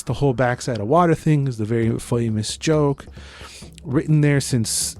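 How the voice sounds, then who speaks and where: Talking through a movie on the podcast he co-hosts, this man has a medium-pitched, dark-toned voice, and the recording carries a little hiss or hum. His review is casual and full of swearing, acted-out reactions, and Spanish slang mixed with English.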